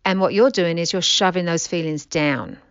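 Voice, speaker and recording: A woman's voice: fairly low pitch, normal speed, clear, resonant tone, no room sound. A woman co-hosting a show, a mother chatting earnestly about stress and tapping. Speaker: podcast co-host. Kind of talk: casual chat. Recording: dull lo-fi line.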